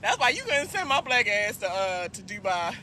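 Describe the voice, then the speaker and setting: A woman vlogger telling a story casually, loud and profane, often breaking into laughter. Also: medium pitch, sing-song, moderate pace, slight background noise. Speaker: trucking vlogger.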